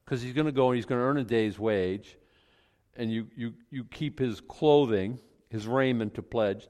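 A middle-aged male pastor preaching in a conversational way, breaking into loud emphatic outbursts. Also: mid-range voice, normal speed. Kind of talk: sermon.

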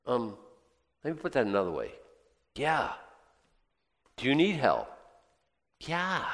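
Animated male preacher in reverberant hall. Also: medium pitch. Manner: animated, conversational, jokey asides. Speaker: pastor. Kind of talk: sermon. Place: church.

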